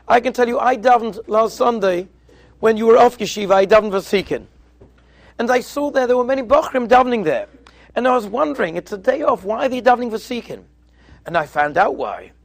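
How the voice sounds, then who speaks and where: The recording is dry, and the man's pitch is extremely high. He's a rabbi giving a sermon to yeshiva students, acting out quoted dialogue in his stories and mixing in Hebrew and Yiddish terms.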